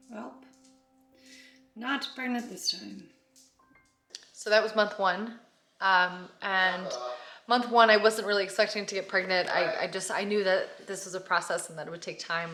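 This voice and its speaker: A woman talks to her camera in a loose, rambling vlog, leaning on "like" and "um" as her thoughts spill out. Now and then she drops into quiet, hushed asides. Her voice carries an echo from the room, with music playing underneath. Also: medium pitch. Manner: rambling and chatty, heavy use of "like" and "um". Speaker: vlogger. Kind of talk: casual confessional vlog. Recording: echoey room with background music.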